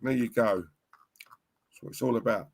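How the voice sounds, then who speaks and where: A man's voice: mid-range voice, a little slow, gravelly, a little mellow. A man co-hosting a live football watchalong, chatting in slangy banter with the viewers and his co-host. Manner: chatty, banter-heavy, slangy, laughs a lot. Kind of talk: casual live-stream chat.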